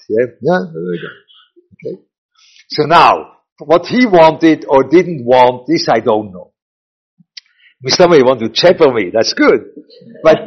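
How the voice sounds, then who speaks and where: A husky, mid-range voice belongs to an older rabbi leading an informal Torah class. Drifting and repeating points, he sprinkles in Hebrew and Yiddish words, and the lo-fi recording sounds dull.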